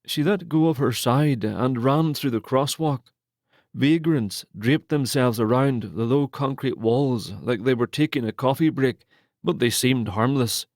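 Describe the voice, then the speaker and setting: A man narrating a romance novel in a steady, measured storytelling manner on a close studio mic. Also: mid-range voice, no echo. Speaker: audiobook narrator.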